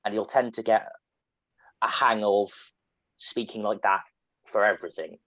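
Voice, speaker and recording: A man's voice: on the low side, a little slow, bright, forceful tone, dry recording. An English man with a standard southern English accent, casually answering questions and explaining with fillers and restarts. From England. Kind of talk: casual online Q&A. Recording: dull lo-fi call audio.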